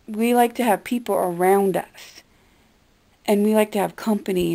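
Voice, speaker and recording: A woman's voice: mid-range voice, mellow. A young woman vlogger talking bluntly and defensively, swearing freely in a casual rant. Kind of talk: casual ranting vlog.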